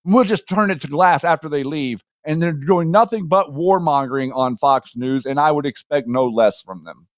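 A man's voice: on the high side, normal speed, dry recording, studio quality. A man co-hosting a casual political talk show, ranting heatedly in long run-on sentences. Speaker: co-host.

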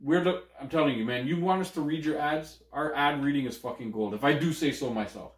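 A man's voice: a little high, fairly quick, echoey room. A man co-hosting a podcast, rambling and swearing in loose casual banter. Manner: rambling, laughing, swearing often. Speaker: podcast co-host.

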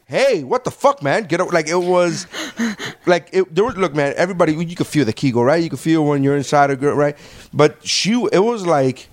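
A man's voice: fairly high pitch, a little mellow, dry recording. A man co-hosting a podcast, joking crudely and acting out voices in his stories. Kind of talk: casual chat, storytelling.

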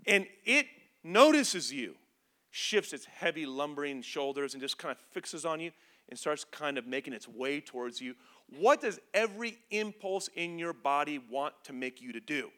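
Male pastor, sermon delivery; bright, lively, comedic storyteller who slips into mini-scenes. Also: a little high, moderate pace. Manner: animated, comedic, acts out scenes with voices.

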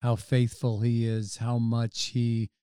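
A man's voice: medium pitch, monotone, slow pace, mellow, smooth, dry recording, studio quality. A man speaking as a pastor in a casual church podcast chat, reflective and preacherly.

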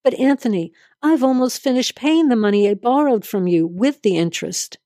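A woman's voice: fairly high pitch, expressive, moderate pace, dark tone, no room sound, clean studio sound, voice pushed up, natural voice. A woman voicing a nervous young woman in debt, pleading and shaky.

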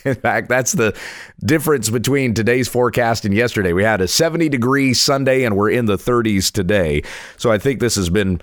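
A man's voice: mid-range voice, moderate pace, no room sound, clean studio sound. A man teaching a Bible lesson as a pastor, talking plainly and measuredly, his voice weak from a cold. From Kansas.

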